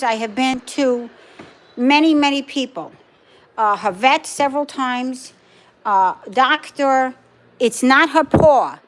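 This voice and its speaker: A woman's voice: fairly high pitch, a little hiss or hum. Chatty woman hosting a live stream. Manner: chatty, talks to viewers and her dogs; firm and defensive when answering comments. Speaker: livestream host. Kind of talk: casual live chat.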